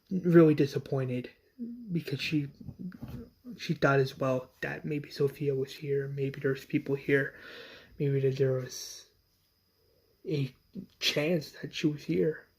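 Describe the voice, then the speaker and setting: Husky guy recapping an episode, slow, halting, keeps repeating words. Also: medium pitch, darkish tone. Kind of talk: casual story recap.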